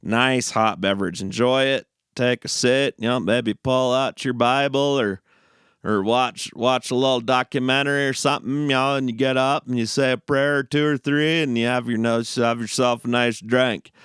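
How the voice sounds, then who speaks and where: A man's voice: medium pitch, fairly even intonation, normal speed, a bit bright, clean tone, dry recording, studio quality. A man hosting a casual, rambling monologue, often repeating and restarting phrases. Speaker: host. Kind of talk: casual stream-of-consciousness monologue.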